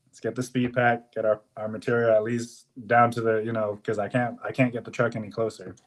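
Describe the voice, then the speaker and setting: A young man co-hosting a podcast, telling a work story in a casual, animated way, swearing often and acting out what people said. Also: medium pitch, fairly quick, slight background noise. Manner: animated, profane, swears often, acts out quotes. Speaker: podcast co-host.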